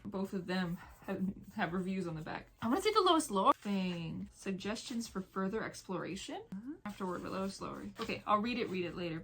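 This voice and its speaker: A woman's voice: mid-range voice, a bit bright, low-quality recording. Woman booktuber, casual, enthusiastic, reading aloud. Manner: enthusiastic, chatty. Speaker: book vlogger.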